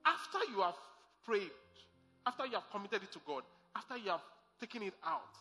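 Man, pastor, emphatic sermon, bright tense voice, lively pitch, echoey hall, faint music behind. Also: brisk, vocal fry. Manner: emphatic preaching with repeated lines.

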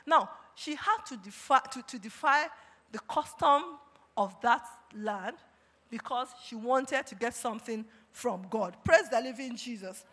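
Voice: mid-range voice, measured pace, pushed and bright. Preacher in a reverberant hall. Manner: punctuates with repeated praise calls, reads scripture aloud. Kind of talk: sermon. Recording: long reverb of a large hall.

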